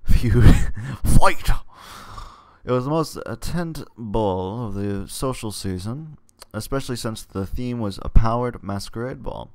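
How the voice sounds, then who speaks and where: A man reading a text adventure game aloud in a casual way, stumbling and tossing in joking asides. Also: on the low side.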